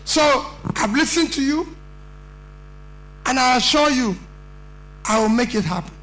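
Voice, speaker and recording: A man's voice: very high-pitched, lively intonation, unhurried, fairly bright tone, a little hiss or hum, poor audio. A middle-aged Nigerian man with a Nigerian accent giving an earnest, plain-spoken conference speech. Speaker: political speaker.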